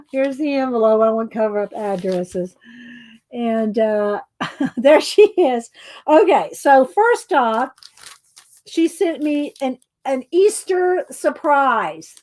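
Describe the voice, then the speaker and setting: A woman's voice: fairly high pitch, darkish tone. A woman chatting casually as she unboxes craft mail. She giggles often, keeps saying "hang on", and sounds a little out of breath. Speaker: craft vlogger. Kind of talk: casual chat.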